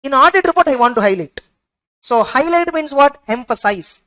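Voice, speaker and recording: A woman's voice: sits high, animated, moderate pace, fairly bright tone, low-quality recording. A woman giving an exam revision lecture, asking her students rhetorical questions and repeating key points. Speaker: teacher.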